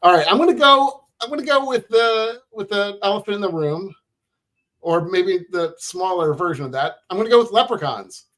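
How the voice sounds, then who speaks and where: A man co-hosting a casual podcast over a video call, teasing and laughing as he banters. His voice sits high and swings widely in pitch. He keeps the mood loose and playful. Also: expressive, normal speed, fairly bright tone. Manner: joking, teasing, laughs often. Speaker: podcast co-host.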